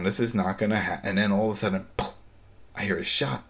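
A man hosting a casual chat, retelling a TV episode in an animated way and acting out the lines. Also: lowish voice, heavy background noise. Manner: animated storytelling, acting out scenes, quick laughs. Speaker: podcast host recapping a TV episode.

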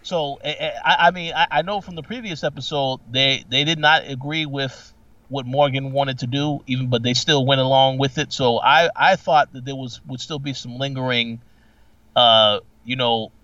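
A man co-hosting a podcast, chatting casually with many halting restarts. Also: mid-range voice, fairly even intonation, bright, forceful tone, no room sound, recorded from a distance. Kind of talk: casual recap chat. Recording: dull, dry, off-mic.

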